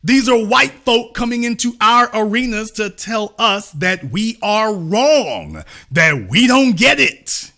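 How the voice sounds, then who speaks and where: A middle-aged man delivers a live-streamed commentary monologue in a high, bright voice. His pitch swings widely as he hammers points home with preacher-like repetition and the odd curse word. The delivery is emphatic and driving. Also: very animated, slow pace. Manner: swears for emphasis. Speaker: host.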